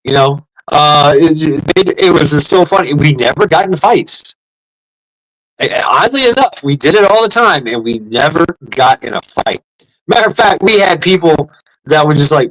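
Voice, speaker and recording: A man's voice: on the high side, expressive, moderate pace, a bit bright, low-quality recording. A middle-aged man hosting a casual livestream, rambling and swearing, repeating himself and laughing often. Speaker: livestream host.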